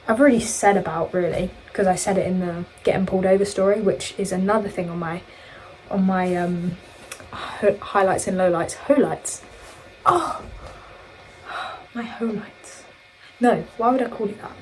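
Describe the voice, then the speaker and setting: A woman's voice: mid-range voice, a little mellow, a little hiss or hum, rough recording. A young woman vlogging, telling a rambling story in a casual chat full of fillers and restarts. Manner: chatty, rambling, self-interrupting with many fillers. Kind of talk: casual storytime while getting ready.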